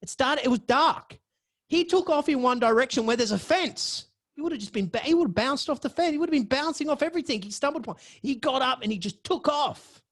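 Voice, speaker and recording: A man telling a personal story on his podcast, dramatic and profane, swinging between loud outbursts and hushed asides. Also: very high voice, animated, fairly quick. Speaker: podcast host.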